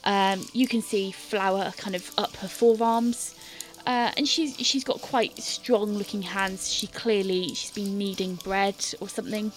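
A woman's voice: medium pitch, steady tone, unhurried, soft background music. A woman game master narrating a tabletop scene in detail, with many fillers and hesitant restarts.

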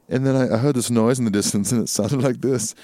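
A man with a mid-range, dark-toned voice speaks at normal speed, with no room sound, while co-hosting a podcast. In casual chat he tells rambling, jokey stories and reads listener emails aloud.

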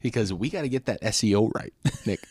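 A man's voice: on the low side, lively intonation, fast talker, a little mellow, breathy edge, dry recording. A man co-hosting a casual beer podcast, rambling and swearing, often chuckling. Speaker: podcast co-host.

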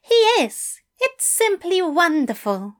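A woman's voice: very high-pitched, very animated, takes it slowly, fairly bright tone, voice pushed up, full character voice. A woman voicing a fussy, courteous male English teacher who talks in a formal, effusive way. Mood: eager.

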